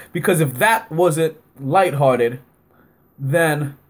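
A man hosting a sports podcast, telling a story casually, acting out both sides of an argument and filling his talk with "like" and laughter. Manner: animated, acts out both sides of an argument with rising pitch; heavy use of fillers like "like" and frequent laughter. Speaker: podcast host.

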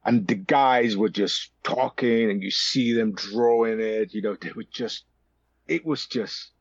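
Husky man in his fifties telling stories. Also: on the low side, measured pace, no room sound. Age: 50s. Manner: animated, repetitive restarts, lots of "you know". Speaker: podcast guest, actor. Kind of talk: casual storytelling interview. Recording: dry dull lo-fi sound.

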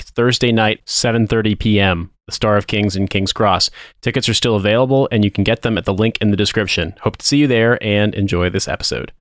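A chatty man co-hosts a comedy podcast, talking quickly and briskly. His voice sits low and sounds dry and close, with no room around it. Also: no room sound. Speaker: podcast co-host. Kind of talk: casual comedy podcast chat.

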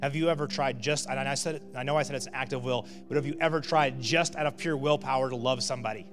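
A man's voice: mid-range voice, steady tone, quick pace. A male pastor giving a sermon in a conversational way, often checking in with "right?" and building to emphatic peaks. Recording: long reverb of a hall with faint music.

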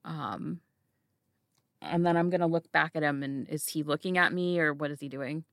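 A woman player describing her character's actions in a hesitant, halting way. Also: sits low, fairly bright tone, no room sound, clean studio sound.

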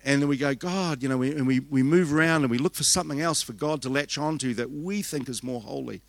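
A man's voice: medium pitch, fast, vocal fry, no echo. An older man with a New Zealand accent, preaching a conference sermon and telling stories with frequent restarts and laughter. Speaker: pastor.

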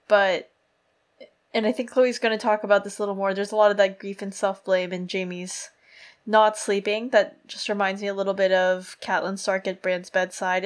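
A woman co-hosting a podcast, talking casually and playfully about a book series with many fillers. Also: medium pitch. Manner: chatty, lots of "like", playful. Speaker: podcast co-host.

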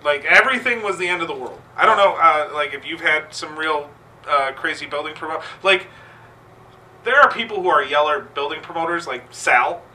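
A man co-hosting a podcast, telling loud, profane wrestling stories in casual chat. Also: on the high side, a little fast. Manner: loud, profane, bursts of shouted impressions. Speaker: podcast co-host, former wrestler. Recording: distant mic with faint room noise.

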